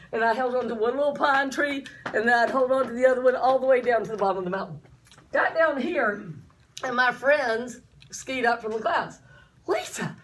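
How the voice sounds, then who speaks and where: A woman science teacher telling a dramatic personal story to explain energy, full of sound effects and acted-out dialogue. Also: on the high side. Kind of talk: storytelling lesson.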